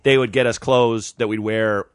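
A man, a comedian guest, telling stories in casual podcast chat, animated and laughing. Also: fairly low pitch, normal speed, clear, resonant tone, no echo, clean studio sound.

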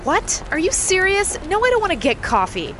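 A woman playing an overwrought, paranoid ex-girlfriend in a comedy sketch, with shrill, shouty outbursts. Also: very animated, moderate pace, slight background noise. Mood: exasperated.

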